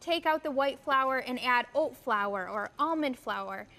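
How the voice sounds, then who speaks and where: Woman calmly explaining a recipe. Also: sits high, a little slow, in a large hall. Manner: calm, explanatory. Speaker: cooking guest. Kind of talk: cooking demonstration.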